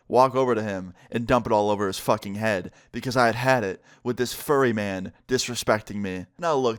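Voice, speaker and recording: Young male YouTuber, story time narration, lively and emphatic, loose and chatty. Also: medium pitch. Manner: animated, emphatic storytelling with frequent fillers. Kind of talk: casual story time vlog.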